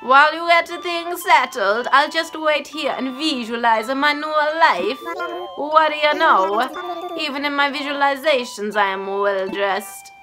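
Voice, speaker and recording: A woman's voice: high-pitched, a little slow, over music. A woman voicing a vain male frog camper in a video game with a hammy put-on Italian accent.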